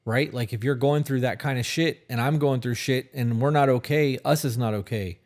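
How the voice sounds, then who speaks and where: A man's voice: mid-range voice, normal speed, a little mellow. A man co-hosting a podcast in casual chat, blunt and emphatic with heavy swearing. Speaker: podcast co-host.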